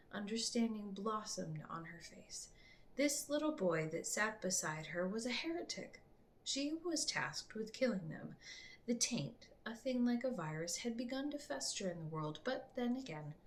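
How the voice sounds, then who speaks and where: A woman reading her own book aloud to her family in an unhurried way, slipping into soft whispers. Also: mid-range voice, expressive.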